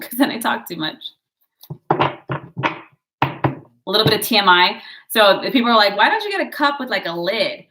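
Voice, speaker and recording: A tarot and astrology reader with a mid-range, sharp-toned voice gives a casual horoscope reading. She chats freely, encourages her viewers, calls them "guys," and wanders off into side stories.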